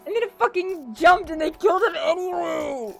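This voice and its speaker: A woman's voice: extremely high pitch, expressive, moderate pace, soft background music. A woman streamer reading a story game aloud and reacting with emotion and swearing. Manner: emotional, swears freely, restarts when upset.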